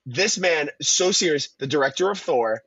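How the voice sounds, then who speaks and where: A man co-hosting a podcast, reviewing films in casual, profane, excitable chat. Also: on the high side, moderate pace, breathy edge, dry recording, muffled recording. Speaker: podcast co-host.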